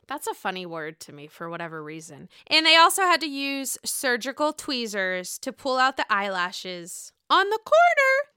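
Bright, crisp, foul-mouthed woman host. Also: on the high side, dry recording, studio quality. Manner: profane, sarcastic, animated. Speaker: podcast host. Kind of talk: casual reality TV recap.

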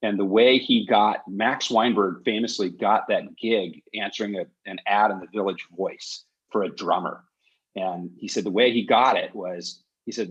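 A lower-voiced man with a husky edge hosts a podcast, chatting casually and drifting into animated stories. The audio sounds slightly dull and lo-fi. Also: normal speed. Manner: animated storyteller, digressive. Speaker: podcast host. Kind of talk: casual chat.

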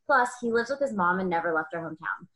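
A woman co-hosting a podcast, reading out a listener's letter in a steady, even way. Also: mid-range voice, quick pace. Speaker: podcast co-host.

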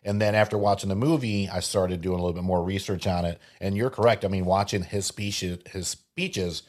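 Deep-voiced man chatting casually. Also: steady tone, a little fast. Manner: laid-back, rambling, laughs often. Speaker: podcast co-host. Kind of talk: casual movie chat with read ad spot.

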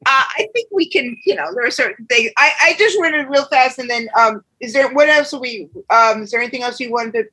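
Female co-host with a bright, crisp voice and dry wit, chatting casually. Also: fairly high pitch, brisk, few pauses, rough recording. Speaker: podcast co-host, music writer. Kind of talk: casual chat.

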